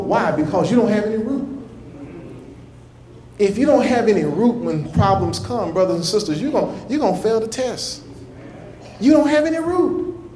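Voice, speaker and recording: A male minister preaches a sermon in a folksy, rhythmic way, repeating his points for weight. His voice sits high, and the church room echoes around him. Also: dark tone.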